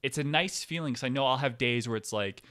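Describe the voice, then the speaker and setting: A man's voice: mid-range voice, fast, sharp tone, smooth. A man ranting casually to his viewers from a chair, swearing often, rambling and cutting himself off. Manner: profane, rambling, self-interrupting. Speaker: vlogger. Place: seated indoors in a chair.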